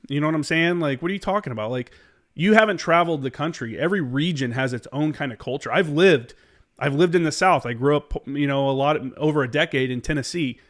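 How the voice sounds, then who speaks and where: A man hosting a podcast, a veteran who talks bluntly and rambles, with frequent swearing. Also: a little high. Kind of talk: casual conversation.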